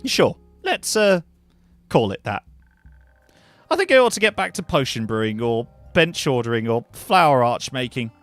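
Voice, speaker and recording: A man voicing a weary, polite woman mage and potion brewer in a higher put-on voice with a questionable accent, chatty and dry. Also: sing-song, normal speed, fairly bright tone, dry recording, soft background music. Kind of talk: voicing characters in a cozy narrative game.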